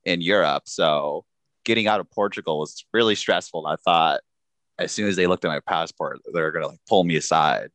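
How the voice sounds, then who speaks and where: Deep-voiced man telling a story. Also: brisk, no room sound. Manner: animated storyteller, laughs often. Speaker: guest telling a travel story. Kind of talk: casual chat.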